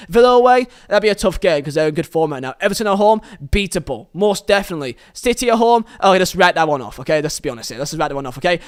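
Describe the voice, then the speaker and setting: A man's voice: high voice, clean tone. A man hosting a solo football podcast, giving an opinionated review in a rambling way, often restarting his phrases. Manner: earnest, opinionated fan.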